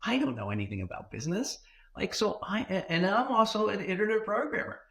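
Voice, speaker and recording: A man who is a former tech executive, telling a story as a podcast guest in an animated way, with fillers and self-corrections. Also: high voice, fairly quick.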